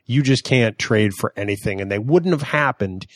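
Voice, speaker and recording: A man's voice: fairly low pitch, moderate pace, no echo, clean studio sound. A man co-hosting a casual chat, eagerly chiming in to affirm what the guest says.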